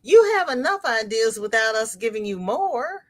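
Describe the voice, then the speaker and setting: A woman's voice: a little high, moderate pace. A middle-aged woman hosting a casual crochet livestream, chatting with viewers, telling stories and laughing often. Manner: animated storyteller, laughs often. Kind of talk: casual livestream chat, reading viewer comments.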